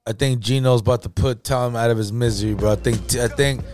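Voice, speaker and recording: A man's voice: mid-range voice, fairly even intonation, brisk. A man co-hosting a casual podcast, telling stories with animation, acting out quotes and saying "bro" constantly. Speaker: podcast co-host. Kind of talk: casual chat. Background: faint music.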